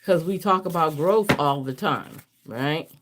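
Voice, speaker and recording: A woman's voice: low voice, a little slow, background noise. A woman hosting a live card reading, laughing often, reading affirmations aloud and answering herself with repeated yeses. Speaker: card reader.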